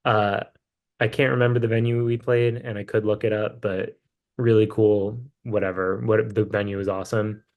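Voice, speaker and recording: A man's voice: on the low side, little pitch movement, normal speed, narrow, tinny audio. A man appearing as a podcast guest who tells a road story in a casual, rambling way, full of fillers. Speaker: musician guest.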